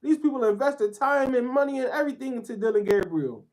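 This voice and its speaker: A man's voice: extremely high pitch, lively intonation, fast, a little mellow. A man giving a heated sports commentary rant, talking bluntly in profane slang.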